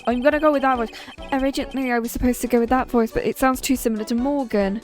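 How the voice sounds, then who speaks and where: A woman's voice: a little high, fairly even intonation, fast talker, few pauses, soft background music. A woman streamer giving casual commentary on a game she plays, chatty and reading the lines aloud. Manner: chatty, laughs and does character voices.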